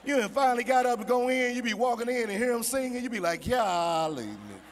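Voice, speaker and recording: A man's voice: very high voice, fast talker. A middle-aged male stand-up comedian, chatting directly with the audience. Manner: conversational, addressing the audience directly.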